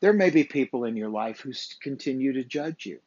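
A man's voice: mid-range voice, lively intonation, a little fast, a little mellow, dry recording. Blunt, profane man on a dull recording. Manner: emphatic, blunt, profane, repetitive. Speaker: podcast host. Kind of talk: motivational podcast monologue.

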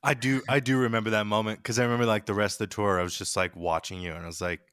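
A man's voice: lowish voice, steady tone, rapid-fire, a bit bright, clear, resonant tone, no echo, studio quality. A young man chatting playfully and eagerly, joking along with his friends. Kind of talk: casual chat.

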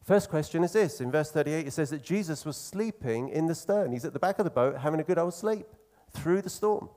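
A man preaching a sermon in an earnest, conversational way, slowing down to stress key phrases. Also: on the high side, expressive, mellow.

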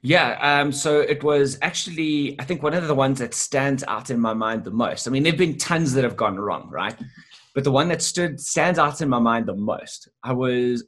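Man, husky voice, mid pitch, lively storyteller, casual conversational, sales guest. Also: normal speed. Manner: lively, animated anecdote-telling with casual swearing. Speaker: guest, sales business owner.

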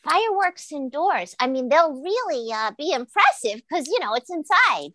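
A woman doing an eager young store clerk in an improv comedy scene. She gushes and fumbles for words, her high bright voice leaping up and down in pitch, recorded dry. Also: very animated, normal speed, no room sound, exaggerated voice. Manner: gushing, hesitant, fumbling for words.

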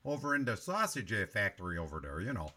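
A man's voice: fairly low pitch, big pitch swings, quick pace, a loud crowd. A man hosting a movie review podcast, critiquing a film in long, analytical, run-on remarks in casual chat.

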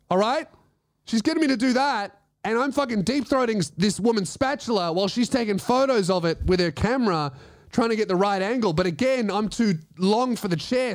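A man's voice: sits high, no echo, clean studio sound. An Australian man hosting a comedy podcast, telling stories casually, swearing often and laughing through them. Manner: profane, laughing through his own stories.

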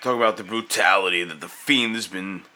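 Low-voiced laid-back wrestling fan. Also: male voice, fairly quick, bright, forceful tone. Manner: laid-back, agreeable, swears casually. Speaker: podcast co-host. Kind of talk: casual wrestling watch-along chat.

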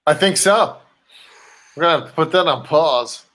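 A man's voice: a little high, normal speed, fairly bright tone. A man from Florida co-hosting a podcast, answering his co-host with dry, short teasing replies. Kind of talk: casual chat.

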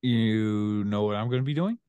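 A man's voice: on the low side, normal speed, mellow, smooth, dry recording, lo-fi sound. A middle-aged man co-hosting a casual father-and-son chat, laid-back and laughing often. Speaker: co-host, father.

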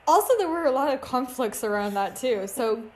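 A woman's voice: high voice, lively intonation, brisk, a little mellow, a little hiss or hum. A woman co-hosting a podcast in casual chat, playful and self-mocking, laughing often. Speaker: podcast co-host.

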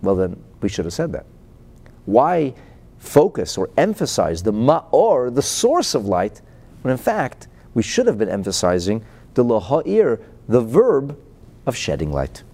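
A man's voice: mid-range voice, huge pitch swings, unhurried, darkish tone. A man teaching Torah and explaining a Chassidic discourse. He reads out Hebrew phrases, translates them into English, asks rhetorical questions and chuckles between points.

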